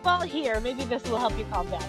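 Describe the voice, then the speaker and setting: A woman chatting with a streamer friend in an excitable, gushing way, over loud game music. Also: on the high side, normal speed. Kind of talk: casual chat.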